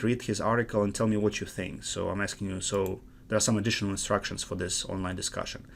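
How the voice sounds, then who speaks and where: A man's voice: lowish voice, a little hiss or hum. A man with an Eastern European accent, a course instructor giving an earnest online course introduction with many restarts and fillers.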